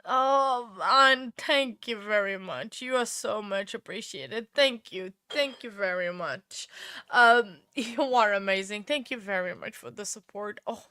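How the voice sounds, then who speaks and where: A woman's voice: mid-range voice, measured pace, bright, forceful tone, clear, resonant tone, dry recording, studio quality. A woman hosting a casual livestream chat who is emotional and tearful, laughs often and keeps thanking her viewers. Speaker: livestream host.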